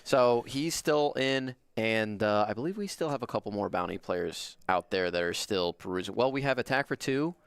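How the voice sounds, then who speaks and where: A man co-hosting a card game tournament stream, relaxed and chatty with frequent laughs. His voice is smooth and clear, with lively rises and falls. The recording is dry and close. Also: on the low side, normal speed, hardly any pauses, no echo. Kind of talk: casual live-stream commentary.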